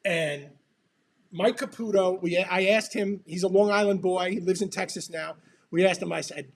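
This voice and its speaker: A man co-hosting a casual livestream chat, loud and laughing, swearing often. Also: high-pitched, normal speed, creaky. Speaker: podcast co-host.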